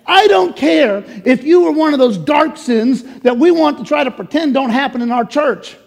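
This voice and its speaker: A man preaching a sermon in a church, emphatic, swinging from loud to hushed. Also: very high voice, animated, normal speed, vocal fry, in a large hall. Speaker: pastor. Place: church sanctuary.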